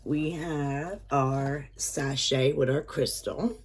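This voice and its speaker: A low-pitched woman talks her way slowly through an unboxing, gasping with delight and slipping into breathy whispers when she gets excited. Her measured, unhurried pace keeps it casual, with a faint hiss of background noise behind her. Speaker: unboxing vlogger.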